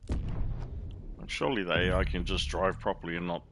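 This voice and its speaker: A man commenting casually on a racing game, relaxed and chatty with sudden excited outbursts and the odd swear word. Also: deep voice, normal speed. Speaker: gaming channel host. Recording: loud game engine noise behind.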